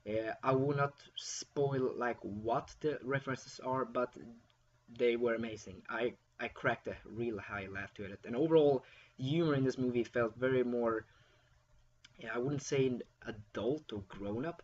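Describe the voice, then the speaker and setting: Husky-voiced man reviewing a film. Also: medium pitch, measured pace, muffled recording. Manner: rambling, frequent fillers and restarts. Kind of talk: casual spoken film review.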